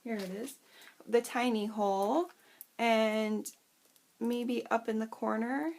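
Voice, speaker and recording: Gravelly-voiced woman showing crafts, bit higher pitch, rambly and self-deprecating. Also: fairly even intonation, slow, darkish tone. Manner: rambling, often loses her train of thought. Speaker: craft channel host. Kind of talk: chatty crafting tutorial.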